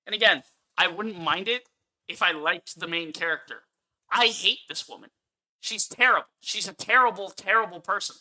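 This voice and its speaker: On a live stream, a man angrily rants while reviewing a film, swearing often and repeating points for emphasis. His voice sits high and sounds pushed and bright, at normal speed.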